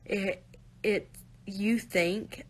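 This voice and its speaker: A woman's voice: medium pitch, fairly even intonation, very slow, a little hiss or hum. Earnest woman talking straight to viewers. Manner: earnest and direct, often saying "you guys" and "like". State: near tears at times. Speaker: host of live stream. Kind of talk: heartfelt live-stream talk to viewers.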